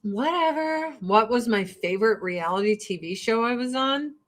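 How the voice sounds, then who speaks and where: A woman's voice: on the high side, animated, moderate pace. A woman from rural Illinois hosting a casual get-ready-with-me vlog, blunt, swearing freely and laughing often. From rural Illinois, US Midwest. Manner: blunt, profane and chatty, with frequent laughs. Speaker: vlogger and host.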